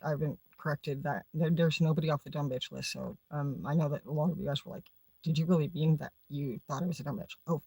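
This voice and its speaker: Brief: husky-voiced woman, sarcastic profane livestream rant, dry close mic. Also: sits low, a little mellow, dry recording, low-quality recording. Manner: foul-mouthed, sarcastic, combative. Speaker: livestream host.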